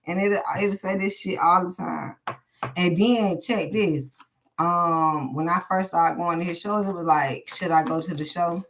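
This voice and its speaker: A woman with a low voice runs a loose live-stream tarot reading, thinking out loud as she goes. Her talk is blunt and full of swearing, and it wanders from one thought to the next. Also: unhurried. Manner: profane, candid and rambling, thinking aloud. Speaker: tarot card reader.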